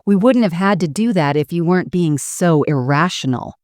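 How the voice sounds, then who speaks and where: A woman voicing a gruff older father who speaks flatly and curtly, in a dry recording. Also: fairly low pitch, moderate pace, no echo, close to an everyday voice. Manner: flat, curt.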